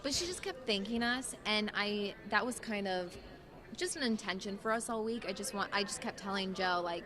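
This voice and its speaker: A young woman, a professional dancer, telling an animated story as an interview guest, laughing as she talks. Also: medium pitch, moderate pace. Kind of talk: excited storytelling. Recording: clear crowd chatter behind.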